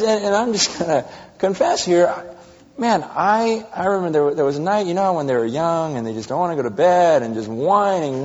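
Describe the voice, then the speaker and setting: A man in his thirties preaching a sermon, telling stories animatedly and swinging between loud exclamations and hushed confession. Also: fairly high pitch. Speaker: pastor. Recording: dull reverberant hall recording.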